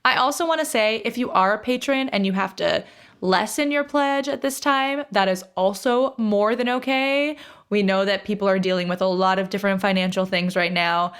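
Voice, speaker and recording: A young woman co-hosting a podcast in casual, chatty talk, quick to laugh. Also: medium pitch, fairly bright tone, clean tone. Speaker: podcast co-host.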